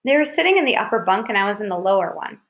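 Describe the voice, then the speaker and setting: A woman reading a novel aloud as first-person narration, in an even, steady manner. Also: medium pitch, rapid-fire. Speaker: audiobook reader.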